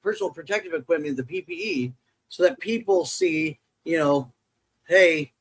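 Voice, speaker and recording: A middle-aged man chats casually as a podcast guest, spinning long, jokey stories. His voice sits high for a man, and he slips into the voices of the people in his tales. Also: wildly swooping pitch, moderate pace, gravelly, poor audio. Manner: rambling, jokey storyteller who acts out quoted voices. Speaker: podcast guest, construction safety worker. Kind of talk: casual storytelling chat.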